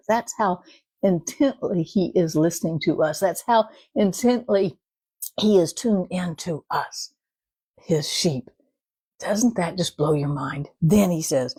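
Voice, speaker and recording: A woman's voice: fairly low pitch, animated, normal speed, breathy edge, no echo. A middle-aged woman giving a casual devotional talk in a conversational way, often adding "right?" and acting out prayers in a quoted voice. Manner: warm conversational, with frequent "right?" asides and dramatic quoted prayers. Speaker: devotional speaker.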